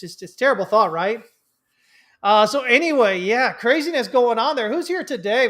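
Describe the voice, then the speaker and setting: High-voiced man hosting a trading livestream. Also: fairly bright tone. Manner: rambling, many fillers and restarts. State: stuffy with allergies. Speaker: livestream host, trading mentor. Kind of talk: casual livestream market commentary.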